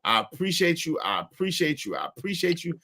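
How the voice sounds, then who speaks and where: A man with a bright, slightly high voice runs a casual live stream. He talks to his viewers in a loose, chatty way, thanks them one by one and says the same phrases several times over. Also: very animated, fairly quick. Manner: chatty, repeats phrases, gives shout-outs. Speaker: stream host reacting to clips.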